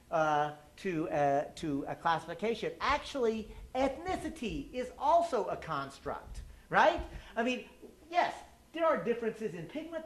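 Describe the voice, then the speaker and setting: An American man giving an impassioned public speech at a community event, emphatic and full of rhetorical questions. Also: high voice. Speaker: political speaker. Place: community meeting hall. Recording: echoey room recording.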